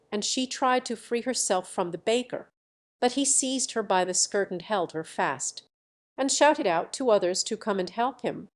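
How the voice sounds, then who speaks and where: A woman's voice: mid-range voice, normal speed. Woman reading a fairy tale steadily. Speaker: audiobook narrator. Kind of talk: storybook narration.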